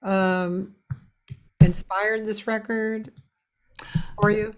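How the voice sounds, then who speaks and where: A woman's voice: mid-range voice, level tone, extremely slow. A middle-aged woman hosting a casual chat, talking in an enthusiastic, rambling way. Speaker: host.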